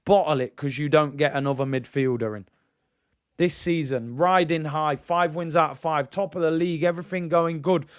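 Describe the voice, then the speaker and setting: A man's voice: fairly high pitch, moderate pace, clean tone, dry recording, studio quality. Frustrated man ranting on stream. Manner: frustrated, rhetorical questions, reads out viewer comments. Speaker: football channel host. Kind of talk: livestream fan rant.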